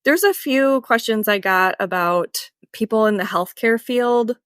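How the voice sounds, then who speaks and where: A woman's voice: on the high side, a little slow, a bit bright, smooth, no echo, studio quality. A young woman from Indiana who farms, co-hosting a podcast in frank, casual chat and laughing easily. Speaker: podcast co-host, farmer.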